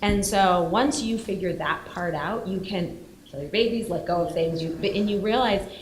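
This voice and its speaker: A woman film producer speaking on a panel, emotional and animated, with bursts of emphasis. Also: medium pitch, normal speed, roomy sound, low-quality recording. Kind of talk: candid panel discussion.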